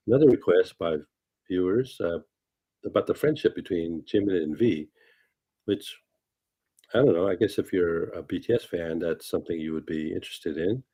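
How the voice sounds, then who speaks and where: Low husky male fortune teller. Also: warm tone. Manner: rambling, many fillers and asides. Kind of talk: casual livestream chat. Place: lives in California.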